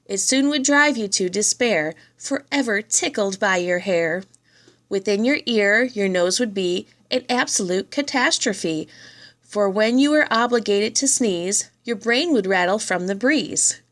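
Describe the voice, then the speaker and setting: A woman reading children's poems aloud, in a lively and expressive read-aloud manner. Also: medium pitch, unhurried. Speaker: reader.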